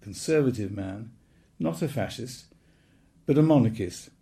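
An elderly man in his eighties shares his reminiscences in a relaxed, wry, anecdotal way. His voice is gravelly, with a soft and mellow tone. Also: medium pitch, measured pace. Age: 80s. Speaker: speaker recounting his childhood. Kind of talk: reminiscing talk.

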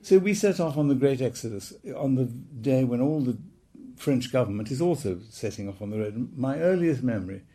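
An elderly man in his eighties shares his reminiscences in a relaxed, wry, anecdotal way. His voice is gravelly, with a soft and mellow tone. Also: mid-range voice, normal speed, hardly any pauses. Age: 80s. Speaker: speaker recounting his childhood. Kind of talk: reminiscing talk.

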